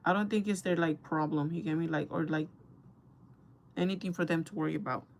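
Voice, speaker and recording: A young woman talks casually to her viewers while she does her makeup, gossipy and chatty. Her voice sits a little low for a woman. Faint hiss runs under the recording. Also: fairly even intonation, a little fast, gravelly. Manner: chatty, gossipy, addresses viewers as girl and guys. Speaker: beauty vlogger.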